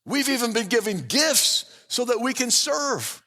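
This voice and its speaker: A man's voice: very high-pitched, lively intonation, unhurried, sharp tone. A man preaching a sermon to his congregation, retelling a story vividly and speaking to them directly. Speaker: pastor. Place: church sanctuary. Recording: long church-hall reverb.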